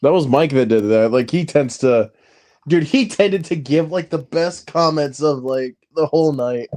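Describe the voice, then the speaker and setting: A man's voice: on the high side, moderate pace, a little mellow, no echo. A man hosting a casual online hangout, talking on a headset mic, giggling and repeating himself as he rambles. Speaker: host. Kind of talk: casual chat.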